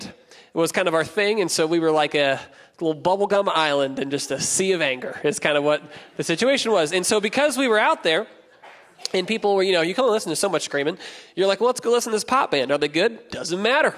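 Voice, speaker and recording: A young man preaching a sermon as a pastor, telling stories with playful, animated asides. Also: fairly high pitch, fast talker. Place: church auditorium. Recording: long church hall reverb.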